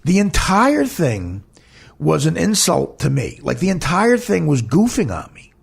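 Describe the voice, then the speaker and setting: Gravelly high-voiced man telling a blunt story. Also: huge pitch swings, a little slow. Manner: blunt and profane, rambling. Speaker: podcast host. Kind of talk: candid personal storytelling.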